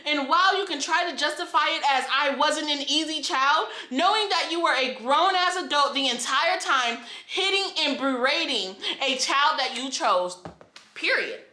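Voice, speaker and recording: A woman's voice: high voice, animated, normal speed, bright, forceful tone. A woman in her twenties telling her own story in an emotional vlog, impassioned and emphatic, repeating phrases for force. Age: 20s. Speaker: vlogger. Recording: echoey room.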